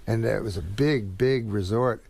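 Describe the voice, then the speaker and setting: A man's voice: fairly low pitch, unhurried, creaky, darkish tone, no echo. A man being interviewed, politely recalling a funny story about a friend. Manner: polite, answers with yes sir. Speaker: interview guest. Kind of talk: casual interview.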